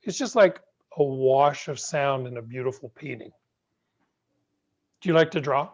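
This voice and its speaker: A middle-aged man teaching piano in an online masterclass, gentle, patient and encouraging, heard over a video call. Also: medium pitch, measured pace. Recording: muffled video call audio.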